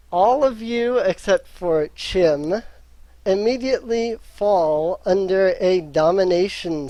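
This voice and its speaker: A man running a tabletop game as game master, pausing often with ums. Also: high voice, darkish tone, dry recording. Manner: hesitant, many ums.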